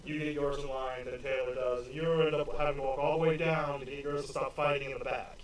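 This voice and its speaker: A man's voice: mid-range voice, level tone, fast talker, slight background noise. A man running a tabletop game as game master, narrating loosely and with a lot of fillers. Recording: very echoey room, mic far off.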